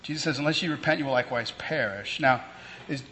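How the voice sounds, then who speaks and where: A man's voice: mid-range voice, fast talker, sharp tone. A man preaching a sermon in a conversational way, with fillers and restarts as he explains the text. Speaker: pastor. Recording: long reverb, faint ambient noise.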